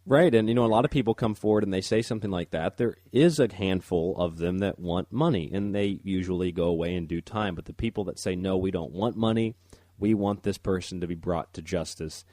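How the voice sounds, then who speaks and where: Deep-voiced rambling radio host. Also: male voice, a little fast, mellow, no echo, clean studio sound. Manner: rambling, stumbles over words, reads articles aloud. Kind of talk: talk radio commentary.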